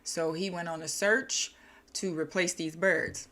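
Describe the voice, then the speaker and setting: A woman's voice: lowish voice, fairly even intonation, measured pace, bright, forceful tone. A young woman casually retelling a short story in her own chatty words, with restarts and slang. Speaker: storyteller and channel host.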